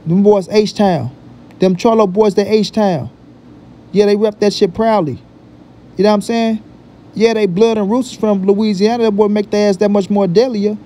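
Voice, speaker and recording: High-voiced man ranting in street slang. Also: mellow. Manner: emphatic, repetitive, profane street slang. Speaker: boxing commentary vlogger. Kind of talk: casual opinion talk.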